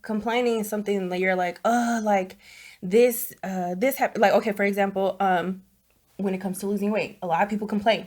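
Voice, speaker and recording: A woman's voice: mid-range voice, steady tone, a little fast, darkish tone. A woman co-hosting a podcast, talking in a blunt, candid way and swearing freely in casual chat. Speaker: podcast co-host.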